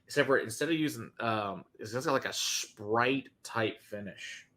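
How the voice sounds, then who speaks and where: A man in easy, relaxed conversation with friends over a glass, reeling off tasting notes with obvious enthusiasm. His voice sits at an ordinary mid pitch, and he talks loosely and casually. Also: normal speed. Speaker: whiskey reviewer, co-host.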